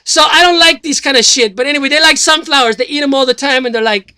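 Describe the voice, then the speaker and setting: A man's voice: extremely high pitch, fast talker, sharp tone, dry recording, full character voice. A man playing a rambling slacker who announces a presidential run, talking in a loose comedic monologue full of fillers and swearing. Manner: rambling, filler-heavy, swears, loses his thread. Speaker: self-styled presidential candidate.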